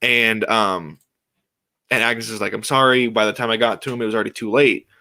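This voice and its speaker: Excited young man rambling on a show. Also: on the low side, a little fast. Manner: excited, rambling, many restarts and fillers. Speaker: podcast host. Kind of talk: casual solo chat.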